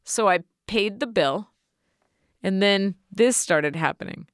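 A woman's voice: medium pitch, lively intonation, takes it slowly, clear, resonant tone, no room sound, studio quality. A woman co-hosting a casual chat, telling a story in a chatty, self-mocking way. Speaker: podcast co-host.

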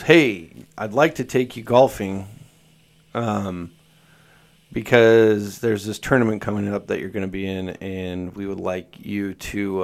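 A man's voice: fairly low pitch, vocal fry. A man in his thirties telling a work story in casual chat, laid-back and full of fillers.

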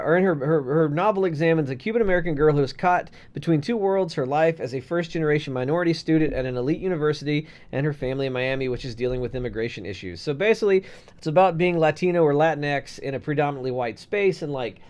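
A man's voice: fairly high pitch, darkish tone, muffled recording. A man co-hosting a casual podcast, reading out a news story with sarcastic, swearing asides. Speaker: podcast co-host.

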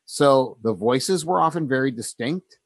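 A man in a relaxed conversation about writing, talking thoughtfully with frequent pauses, ums and easy laughter. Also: medium pitch, no room sound.

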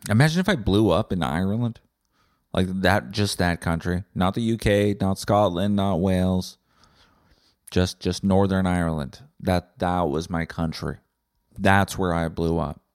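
A young Canadian man hosting a comedic solo podcast, rambling and swearing with deadpan asides. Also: low voice, measured pace, clear, resonant tone, no room sound, clean studio sound. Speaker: podcast host.

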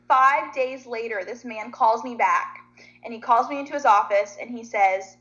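A woman guest on a talk show, telling a story in a lively, chatty way and acting out what other people said. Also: fairly high pitch, measured pace, lo-fi sound. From Nashville, Tennessee. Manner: animated, chatty storyteller who acts out quotes. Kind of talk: casual storytelling.

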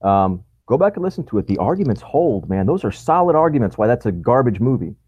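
A man's voice: medium pitch, very animated, fast talker, breathy edge, dry recording, dull audio. A man co-hosting a podcast in casual chat, talking with opinion and laughing often. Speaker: podcast co-host.

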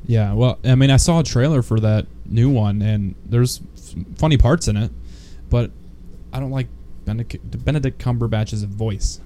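A man's voice: mid-range voice, normal speed, dark tone, a little hiss or hum. A man co-hosting a casual podcast chat, laid-back and laughing often. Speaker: podcast co-host.

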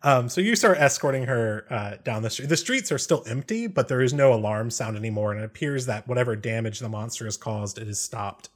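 A man's voice: mid-range voice, animated, a little fast, few pauses. A man narrating as game master of a tabletop game, casual with many fillers. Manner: casual, many ums and likes.

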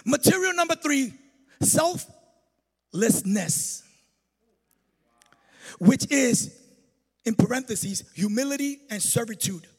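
A middle-aged male pastor preaching a lively sermon with sing-song emphasis and jokes, in a church hall. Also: extremely high pitch, slow pace, long pauses, husky.

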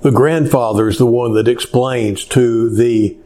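A man delivers a sermon at an unhurried, drawn-out pace, speaking at a medium pitch. He talks in a relaxed, conversational way, pausing often and filling the gaps with small hesitations. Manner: slow, conversational, with frequent pauses and fillers. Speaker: pastor.

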